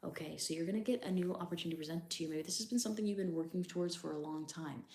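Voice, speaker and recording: Woman, tarot reader, low voice, gravelly fry, casual hedging, faint background hum. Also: very fast, a little mellow. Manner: hedging, repeats "I don't know" and "I'm getting that vibe"; reads definitions aloud from a tablet.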